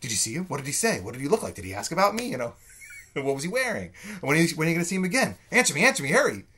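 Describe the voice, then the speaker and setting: A man voicing a giddy young woman in love, firing off rapid breathless questions. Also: fairly high pitch, sing-song, sharp tone, pitched above the performer's own voice. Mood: frantic.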